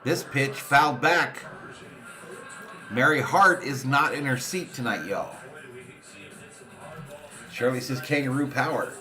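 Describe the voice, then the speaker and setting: Bright-voiced man calling a live fan watch party. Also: slow pace, pauses often, soft background music. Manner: reads viewer comments aloud between excited pitch calls. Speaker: sports fan streamer and watch-party host. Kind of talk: live fan play-by-play with chat reading.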